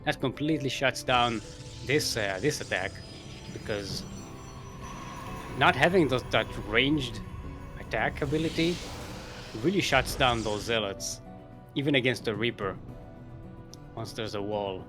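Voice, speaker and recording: A male esports caster doing live play-by-play in a loose, rambling style, full of fillers and restarts. His voice sits at a middle pitch, with faint music under it. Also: unhurried, pauses often. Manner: rambling, chatty, with frequent fillers. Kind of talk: live game commentary.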